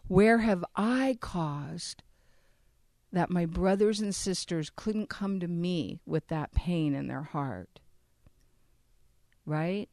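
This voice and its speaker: A woman's voice: on the low side, darkish tone, no echo, clean studio sound. A woman speaking earnestly to a church audience about abortion recovery, often asking them questions. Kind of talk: conversational church talk.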